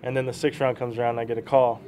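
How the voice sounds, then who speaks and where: Young man, baseball prospect, rapid talker, rambling storyteller, casual interview. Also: mid-range voice, little pitch movement, a crowd in the background. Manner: rambling, quick, laughs through stories.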